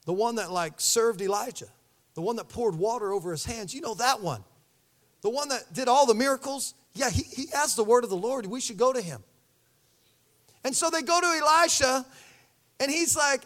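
A pastor preaching a sermon, telling the story with animated energy and acting out the voices. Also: male voice, extremely high pitch, moderate pace.

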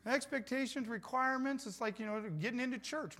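Lively high-voiced man preaching a sermon. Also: fairly quick, few pauses. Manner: conversational and lively, asking the congregation for responses. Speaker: pastor. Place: church.

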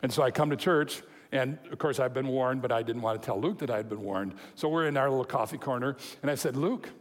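A man's voice: mid-range voice, fast talker. Man preaching in an echoing church. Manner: storytelling, lively quoted voices, chuckling. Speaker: pastor. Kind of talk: sermon. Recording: long hall reverb.

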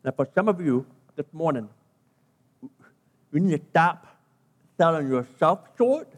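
High-voiced British pastor preaching. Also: male voice, lively intonation, a little slow, in a large hall. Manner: emphatic, repeats key phrases, stretches words for stress. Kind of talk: sermon.

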